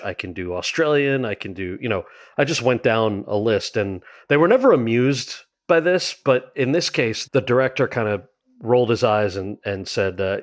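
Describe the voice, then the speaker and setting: Low-voiced man telling stories casually. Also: normal speed. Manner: animated, frequent "like" and quoted asides. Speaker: actor and writer, interview guest. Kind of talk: conversational storytelling.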